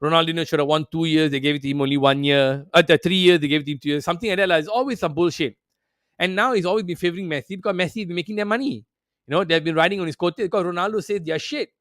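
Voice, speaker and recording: A man's voice: fairly high pitch, rapid-fire, a bit bright, no room sound, clean studio sound. A man hosting a football talk show, ranting in a profane, sarcastic way. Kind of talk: heated casual commentary.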